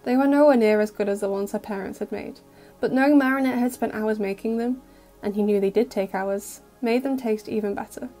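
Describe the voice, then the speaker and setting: A woman narrating a fan audio story in a gentle, even storytelling voice. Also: mid-range voice, a little fast, soft background music. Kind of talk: scripted narration.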